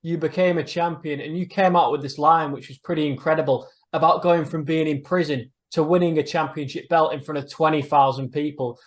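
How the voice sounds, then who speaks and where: Male sports interviewer, slightly raised pitch, fluent and smooth with long set-up questions. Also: steady tone, brisk, few pauses.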